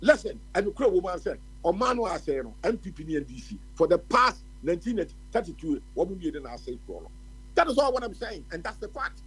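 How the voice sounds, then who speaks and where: A Ghanaian man delivers heated radio commentary, mixing Twi with English. His voice sits high and swoops widely, and it has a husky edge. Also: very animated, brisk, fairly bright tone, rough recording. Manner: impassioned, ranting. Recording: radio phone-in stream.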